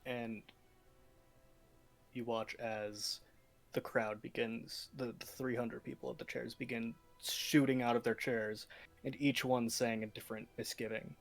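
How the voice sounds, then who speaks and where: A man's voice: mid-range voice, little pitch movement, vocal fry, faint music behind. Dramatic male game master. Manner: dramatic, with quick shifts of pace and loudness. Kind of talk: narrating a tabletop game.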